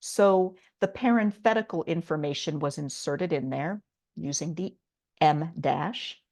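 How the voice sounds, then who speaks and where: A middle-aged woman teaches an online writing lesson, patiently explaining each step with a few fillers. Her deep, somewhat mellow voice is creaky and measured in pace.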